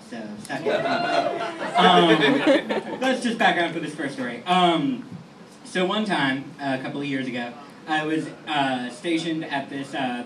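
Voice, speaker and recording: A young man in his twenties doing a stand-up comedy set in a small lounge, talking in a rambling, self-deprecating way with lots of fillers and restarts. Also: mid-range voice. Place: small lounge venue with a live audience. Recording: echoey room audio from far off with noise. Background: room ambience and audience noise.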